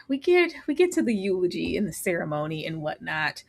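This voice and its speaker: A woman's voice: on the low side, big pitch swings, normal speed, gravelly, darkish tone. A woman co-hosts a casual live recap conversation, talking expressively and with emphasis. She laughs often and leans into her reactions. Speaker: co-host.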